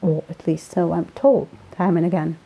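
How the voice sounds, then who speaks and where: A woman voicing a gentle, wry man with an Essex accent who teases and soothes a friend. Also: lowish voice, steady tone, normal speed, creaky, husky, low-quality recording. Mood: soothing. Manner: soothing, teasing.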